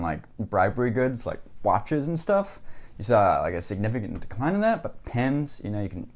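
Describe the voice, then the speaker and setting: A journalist giving casual, wry to-camera commentary, rambling with many fillers and asides. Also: male voice, low-pitched. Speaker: journalist vlogger.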